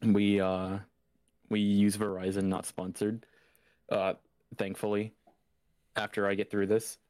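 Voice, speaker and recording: A man's voice: fairly low pitch, a little slow, no echo. A man co-hosting a podcast, telling a story in casual chat and acting out the dialogue as he goes. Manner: animated storyteller, acts out quoted dialogue. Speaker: podcast co-host.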